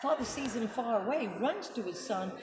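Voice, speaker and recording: Middle-aged vrouw als host, nadrukkelijk, retorische vragen, galmende kamer met achtergrondruis. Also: female voice, fairly high pitch, lively intonation, normal speed. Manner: emphatic, rhetorical questions, checking with listener. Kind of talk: casual religious commentary. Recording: echoey room with background noise.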